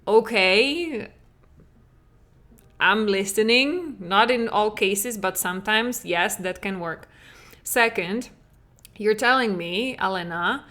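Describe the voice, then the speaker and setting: A woman's voice: medium pitch, a bit bright. Earnest woman podcast host coaching parents. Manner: earnest, conversational, many "like" fillers. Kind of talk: solo podcast talk.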